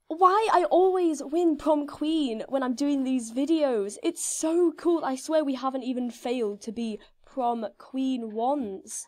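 A young woman commenting on her gameplay in a casual, excitable way, her voice slightly hoarse. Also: sits high, takes it slowly, hardly any pauses. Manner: excitable, breathless, full of gasps and squeals. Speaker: gaming video creator.

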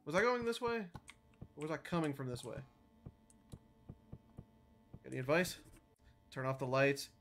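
A woman's voice: low voice, lively intonation, a little fast, a little hiss or hum. Jumpy, swearing woman streaming a game. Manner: jumpy, swears often, talks to herself and chat; nervous, wavering loudness. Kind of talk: live gameplay commentary.

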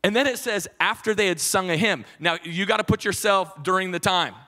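A man preaching a sermon as pastor, animated and conversational, with quick restarts and acted-out quotes. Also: sits high. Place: church stage.

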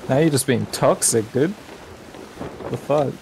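Gravelly, teasing male gamer. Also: mid-range voice, unhurried, noisy background. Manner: teasing, profane, laughs often. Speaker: co-player. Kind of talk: casual gaming banter.

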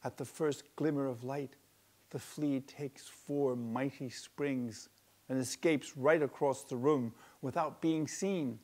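A man reading aloud from his own book of fables, deliberate and relishing the words. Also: mid-range voice, dark tone. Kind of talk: storybook narration.

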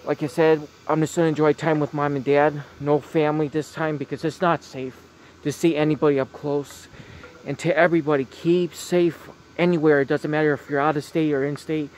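A man giving a casual vlog tour of holiday decorations outdoors on a phone, talking gently and repeating himself often. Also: fairly high pitch, flat delivery, brisk, a little hiss or hum. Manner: repetitive, gentle, keeps saying very very nice. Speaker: vlogger. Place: outdoors at night by a house.

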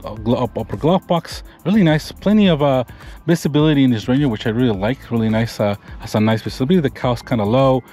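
A man's voice: medium pitch, darkish tone. A man giving a casual, enthusiastic walkaround review of a pickup truck, pointing out features as he goes. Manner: casual, enthusiastic, talks while pointing things out. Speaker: car reviewer. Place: around and inside a pickup truck.

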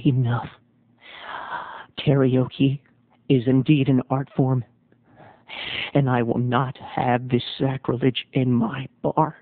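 A man voicing a stern, fed-up male bartender who speaks low and grave. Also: little pitch movement, slow pace, long pauses, no echo. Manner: low, grave, then bellowing. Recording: tinny lo-fi phone-like sound.

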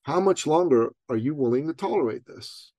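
A man quoting a blunt, unflinching male business coach in a quiet, flat delivery. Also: a little high, normal speed, dry recording. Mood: stern.

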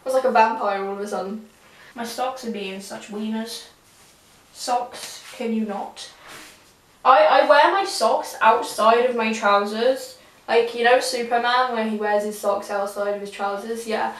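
A woman's voice: on the high side, fairly even intonation, a little slow. A young woman vlogging in a rambling, giggly, self-mocking way, talking to a camera on a tripod in a small room. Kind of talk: casual chat to camera. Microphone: camera on a tripod a few feet off. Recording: echoey room, voice from the camera's distance.

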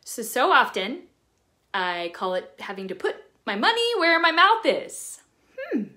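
Woman vlogging, chatty, voice jumps all over the place, bright tone. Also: sits high, unhurried. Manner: chatty and animated, sharing personal reflections. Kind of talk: casual talk to camera.

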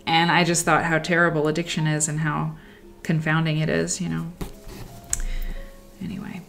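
Her voice is deep and a bit bright, delivered in a monotone at a moderate pace, with soft background music. The woman is a livestream host sewing at home, telling casual stories in a rambling, reflective way that often trails off.

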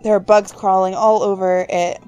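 A woman's voice: little pitch movement, normal speed, darkish tone, clean tone, lo-fi sound, faint music behind. A young woman casually commenting as she plays a horror game, reading text aloud and joking to herself. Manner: squeals in high-pitched surprise. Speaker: gaming YouTuber. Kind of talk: let's play commentary.

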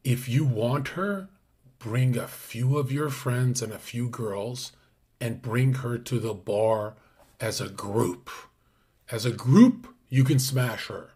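Husky-voiced male streamer, brash casual chat with sudden hushed asides. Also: medium pitch, slow. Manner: brash, crude, drops into hushed whispers. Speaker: streamer host. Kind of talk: casual livestream talk.

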